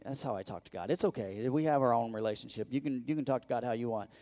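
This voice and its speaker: Man preaching a lively conversational sermon. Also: fast talker. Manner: conversational preaching with rhetorical questions and acted-out quotes; swings between loud bursts and quiet, low asides. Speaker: pastor.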